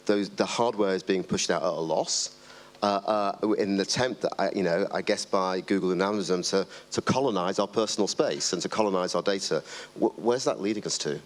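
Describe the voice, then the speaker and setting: A man moderating a live panel, asking a long question with many fillers and repeated words. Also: deep voice.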